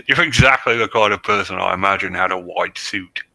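A man's voice: low voice, moderate pace, creaky, sharp tone, poor audio. A man co-hosting a podcast, reading the story aloud and needling his co-host with wry patience. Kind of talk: casual banter.

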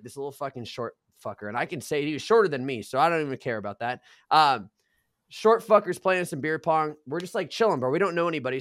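A man in his twenties telling a wild party story on a casual podcast, profane and animated, getting loud at the punchlines. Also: medium pitch, dry recording, clean studio sound.

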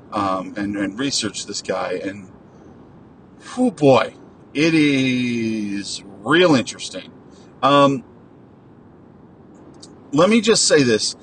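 A man's voice: fairly low pitch, fairly bright tone, slight background noise, poor audio. A man hosting a casual solo talk, rambling and digressive with many fillers, restarts and the odd swear word.

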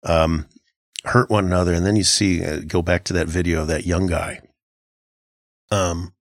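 A man's voice: low voice, level tone, normal speed, no echo, clean studio sound. A middle-aged man co-hosting a casual Christian podcast, talking in an earnest, reflective way with frequent halts and restarts. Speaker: podcast co-host.

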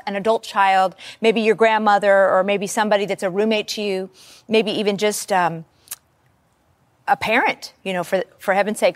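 Woman preaching in a lively, conversational way. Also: on the high side. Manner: conversational, animated teaching with scripture readings. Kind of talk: sermon.

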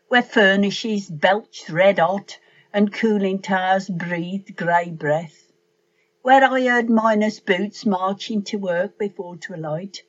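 A woman with a Black Country accent reciting her own poem in a slow, deliberate way. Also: mid-range voice, lo-fi sound. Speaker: poet. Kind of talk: poetry reading.

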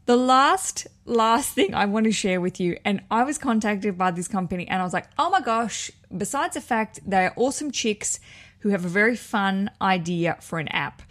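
A woman's voice: mid-range voice, expressive, normal speed. Chatty enthusiastic woman podcast host. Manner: chatty and enthusiastic, self-correcting asides. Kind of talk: casual podcast chat.

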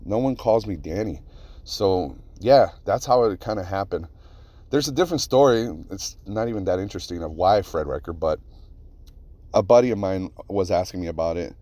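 A man hosting his own podcast, telling rambling, profane stories in a casual, animated way. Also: sits low, moderate pace, no room sound. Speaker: podcast host. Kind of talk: casual solo podcast storytelling.

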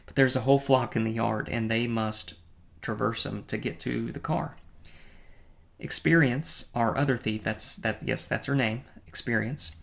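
A man with a gravelly, creaky voice at a middle pitch talks through a movie review. His delivery is casual and wry, and he pokes fun at himself with a chuckle. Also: a bit bright. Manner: wry, playfully self-mocking, with chuckles and stumbles. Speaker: film reviewer.

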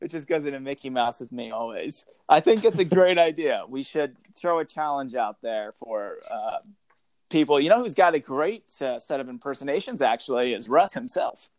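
A man's voice: animated, normal speed, darkish tone, no room sound, clean studio sound. A man co-hosting a comedic podcast, reading a book aloud and riffing with jokes. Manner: jokey, breaks into high laughs and silly voices. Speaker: podcast co-host. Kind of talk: comedic read-along chat.

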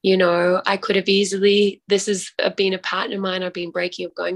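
A woman's voice: mid-range voice, monotone, moderate pace. An Australian woman, a podcast guest, telling personal stories in an earnest, open way during a casual chat.

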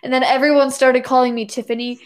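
Rambling chatty young woman, slightly high. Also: level tone, quick pace. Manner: rambling, full of "like" and "anyways". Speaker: storyteller in a casual chat. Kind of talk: casual chat.

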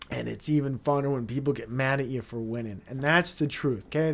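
A young man hosting a solo podcast, telling stories in a loose, excitable way, swearing often and laughing between lines. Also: a little high. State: dry mouth. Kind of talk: casual solo monologue.

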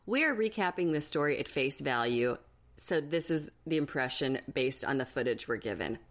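A young woman co-hosting a casual recap podcast, animated and laughing often. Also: deep voice, normal speed. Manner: animated, laughing, mimics people she talks about. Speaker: podcast co-host.

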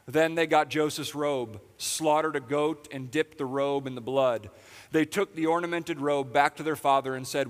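A pastor preaches a sermon conversationally in a church auditorium, tossing in sarcastic asides. His voice is a little high and his speed normal, with the long reverb of a large hall.

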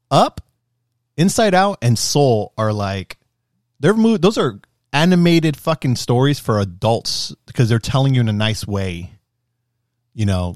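A man in casual, profane podcast talk, ranting in an animated way and swearing often. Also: on the low side, dry recording, clean studio sound. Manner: animated, swearing, rising to shouts when worked up. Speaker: podcast co-host.

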